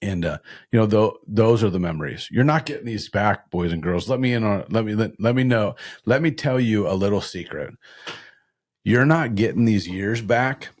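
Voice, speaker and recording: A man with a very low voice hosts a laid-back hunting podcast, rambling through folksy stories. His sound is dry and close, with no room around it. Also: lively intonation, normal speed, dry recording. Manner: folksy storyteller, drops into playful mimicry of other hunters. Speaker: podcast host. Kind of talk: casual hunting podcast chat.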